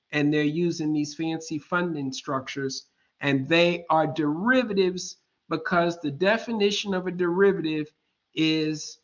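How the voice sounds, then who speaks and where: A man in his fifties teaches an online class, taking his time over every point and regularly pausing to ask if students are following. His voice sits a little high, and he talks at a slow, unhurried pace. The audio is dull and lo-fi, as though captured through a computer mic. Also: fairly bright tone. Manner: slow, deliberate explaining, keeps checking in with "all right?"; informal and joking asides. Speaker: lecturer. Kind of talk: online lecture.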